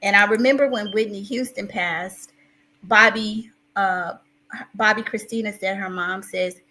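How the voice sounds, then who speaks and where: A woman hosts a casual live stream, reading viewers' chat messages aloud and calling herself a crier as she talks emotionally in rambling restarts. Her medium-pitched voice is bright and forceful at a measured pace, in a low-quality recording.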